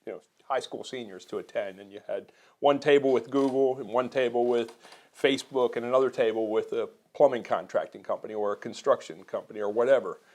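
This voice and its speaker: A business co-owner from Maryland talking earnestly as an interview guest, measured and a little halting. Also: male voice, medium pitch, darkish tone. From Maryland, USA. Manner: measured, earnest, repeats words when restarting. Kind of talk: conversational interview.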